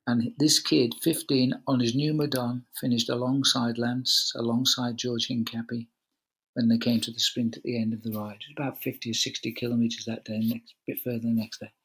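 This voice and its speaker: An older man with a husky, slightly breathy voice tells a story at an easy, chatty pace. He acts out the lines he quotes, speaking into a video call. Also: medium pitch, level tone, a little fast, fairly bright tone, low-quality recording. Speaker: guest, cycling commentator. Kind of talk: relaxed anecdotal storytelling.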